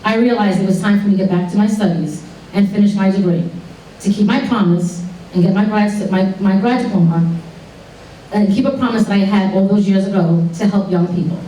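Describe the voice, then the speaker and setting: A woman giving an earnest, measured speech and stumbling over a few words. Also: medium pitch, dark tone. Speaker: award recipient giving a speech. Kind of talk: prepared speech. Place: college dining room at an evening event. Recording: echoey room, distant mic.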